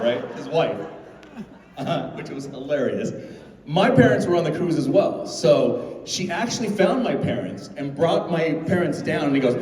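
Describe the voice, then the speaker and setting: A middle-aged stand-up comedian tells stories on a convention stage, animated and laughing as he acts out the voices of the people in them. His voice is fairly high and unhurried, recorded from far off in an echoey hall.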